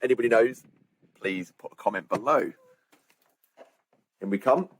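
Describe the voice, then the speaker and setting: A young man with a slightly rough, mid-range voice speaks at normal speed. He's vlogging a hiking trip on a handheld camera, chatty and cheerful, with a self-mocking sense of humour.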